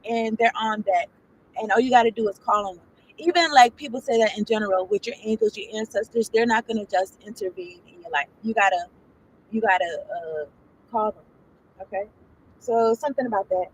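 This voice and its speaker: A woman's voice: fairly high pitch, a little hiss or hum, poor audio. A woman doing a casual tarot reading, reading card text aloud and then riffing on it in a loose, profane, chatty way. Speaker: tarot reader.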